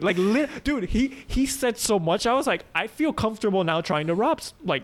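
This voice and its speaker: High-voiced young man telling stories. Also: expressive, normal speed, a little hiss or hum. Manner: laughing, rambling storytelling with restarts. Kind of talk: casual chat.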